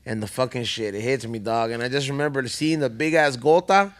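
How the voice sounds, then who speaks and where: Fast-talking slangy man. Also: medium pitch. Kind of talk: casual chat.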